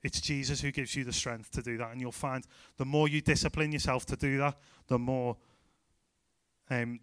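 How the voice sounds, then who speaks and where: A man with a Scouse accent preaching a lively, emphatic sermon as a pastor. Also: medium pitch, smooth, no echo. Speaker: youth pastor.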